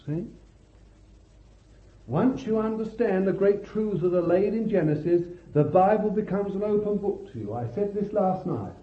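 A man preaching a sermon with fervor, calling out hallelujahs and swinging between loud bursts and hushed words. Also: high voice, animated. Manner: slow deliberate delivery, stretching key words. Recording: echoey hall, tinny lo-fi sound.

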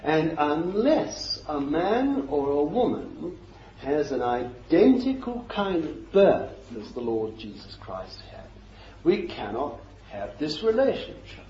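A man's voice: a little high, big pitch swings, slow, warm tone, a little hiss or hum. A man preaching a sermon in a fervent, emphatic way, repeating his phrases for stress. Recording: echoey, dull lo-fi recording.

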